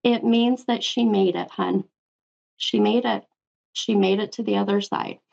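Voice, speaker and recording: A woman psychic medium gives a reading to a caller on her show, calling her hun again and again. Her voice is heavily gravelly with vocal fry, and the audio sounds dull and lo-fi. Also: mid-range voice, steady tone, measured pace, a little mellow. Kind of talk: live call-in spirit reading.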